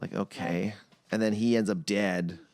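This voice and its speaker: A man's voice: on the low side, unhurried, no echo, studio quality. A man co-hosting a podcast in casual movie-review chat, swearing freely and sometimes slipping into mocking impressions. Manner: animated, slips into mocking impressions. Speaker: podcast co-host.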